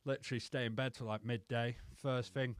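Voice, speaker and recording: A man's voice: mid-range voice, flat delivery, a little fast, smooth, no room sound. A man telling rambling, sweary personal stories as a podcast guest. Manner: rambling, sweary, says "mate" constantly. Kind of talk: casual storytelling.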